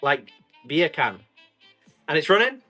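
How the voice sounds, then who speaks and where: A man talks casually through a live-stream tool sale, joking with the chat as he goes. His voice is bright and a touch high. Soft music plays faintly underneath. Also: sing-song, measured pace. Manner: chatty and rambling, joking with the chat. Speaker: live online tool auction seller.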